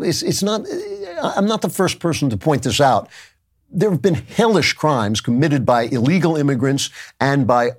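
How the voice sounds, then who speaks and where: Speaking in a mid-range voice, this podcast host delivers his political commentary emphatically yet conversationally. His monologue wanders into asides, and he corrects himself quickly when he slips.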